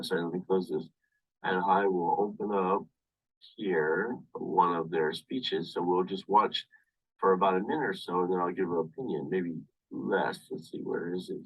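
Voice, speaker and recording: A university English lecture is given by a man with a low, slightly husky, a bit bright voice over a video call, picked up by a webcam mic set a little back. He explains slowly, step by step, circling back to the same points and repeatedly saying "of course." The distant mic makes for poor audio.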